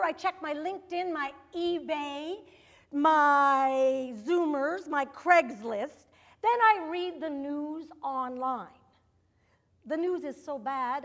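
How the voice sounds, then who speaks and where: A middle-aged woman doing a stand-up comedy routine, wry and self-mocking, with sudden exasperated bursts. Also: sits high.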